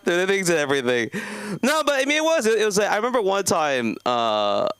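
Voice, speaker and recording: A man in his thirties from South Los Angeles works an open mic stand-up set, meandering through his story with constant fillers and restarts. His pitch swings widely. The sound is smooth and dry, close on a handheld stage mic. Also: sing-song, fairly quick, fairly bright tone, dry recording. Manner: rambling, many fillers and self-interruptions. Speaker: stand-up comedian. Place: comedy club stage.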